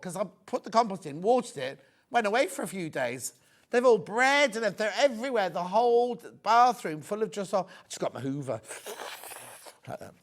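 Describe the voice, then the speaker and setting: A middle-aged man presenting a live TV sales show, chatting in rambling, joking asides between prices. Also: high-pitched. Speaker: shopping channel presenter.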